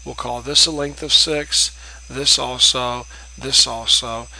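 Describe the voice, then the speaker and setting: A man's voice: medium pitch, steady tone, takes it slowly, creaky, pushed and bright, rough recording. A man teaching a math lesson in a patient, explanatory way, repeating key terms and checking in with "okay?". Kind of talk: recorded classroom lecture.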